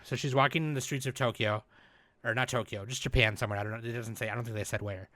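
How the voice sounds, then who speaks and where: A man hosting a podcast, recapping in a rambling, animated, casual way and swearing freely. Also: mid-range voice, quick pace, no room sound. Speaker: podcast host. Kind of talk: casual chat.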